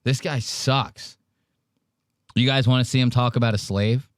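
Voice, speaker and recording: A man's voice: mid-range voice, fairly even intonation, measured pace, no echo, studio quality. A man giving crude, mocking commentary while reacting to clips on a live stream. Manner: crude, mocking, loose and rambling.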